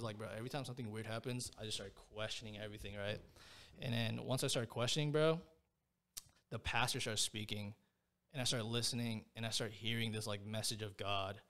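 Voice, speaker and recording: A man's voice: lowish voice, fairly bright tone. A young man sits as a guest on a podcast and tells a long personal story in loose, everyday speech. He rambles and circles back, filling his sentences with slangy fillers as if he were talking with close friends. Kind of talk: casual storytelling.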